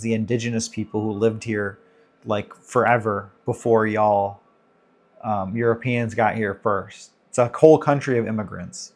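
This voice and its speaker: A man in his thirties hosting a casual livestream Q&A, chatting loosely and greeting viewers by name as he reads the chat. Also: medium pitch. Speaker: livestream host.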